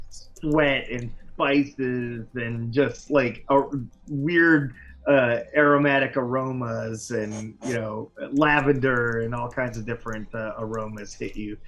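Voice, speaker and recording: A man running a tabletop game as game master, describing scenes casually with many fillers and laughs. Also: mid-range voice.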